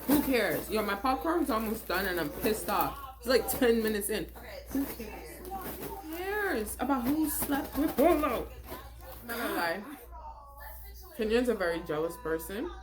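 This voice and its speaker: A woman's voice: on the high side, expressive, measured pace, pauses often. A young woman giving blunt, exasperated commentary on a reality TV episode, laughing often as she reacts. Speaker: reality TV recap vlogger.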